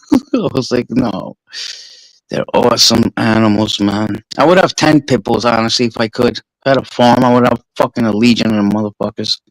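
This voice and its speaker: A man's voice: medium pitch, fairly quick, dry recording, poor audio. A man with a New York accent, a streamer swapping stories in a casual, profane chat. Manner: profane, animated storyteller.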